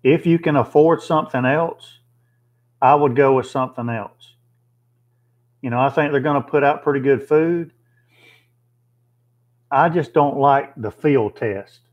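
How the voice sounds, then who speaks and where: A man hosts a casual livestream, reading viewer comments, chatting plainly, and thinking aloud with fillers. His medium-pitched voice moves at a measured pace with long pauses, and the audio is dull.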